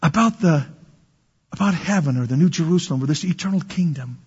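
A pastor preaching a sermon, swinging between loud emphasis and hushed whispers, often repeating words as he restarts phrases. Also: fairly high pitch, a little fast, breathy edge, big-room sound, muffled recording.

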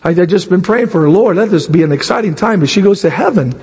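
A man with a raspy, hoarse voice preaches from the pulpit, and his pitch sits high for a man. His words ring out with long reverb in a church hall. He pushes toward shouting at the climaxes. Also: expressive, fast talker. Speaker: pastor. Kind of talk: sermon.

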